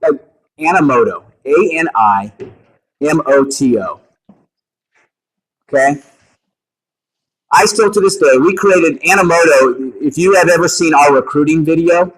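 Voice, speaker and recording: A man leading a meeting for real estate agents, coaching them in an energetic way and often checking in with the room. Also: on the high side, poor audio. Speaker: meeting leader at a realty office.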